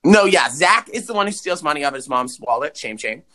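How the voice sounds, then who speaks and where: An animated male podcast co-host recaps an old movie in loose, profane casual chat. His voice is bright and a little high for a man, and it leaps up and down in pitch whenever he wants to stress a point. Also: a little fast. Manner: animated, swearing, swings pitch for emphasis.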